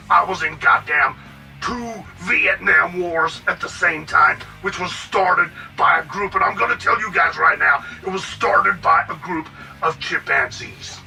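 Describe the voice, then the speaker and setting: A man voicing a brash male pro wrestler with a slow, swaggering put-on drawl. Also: on the high side, vocal fry, sharp tone, far from the mic, exaggerated voice.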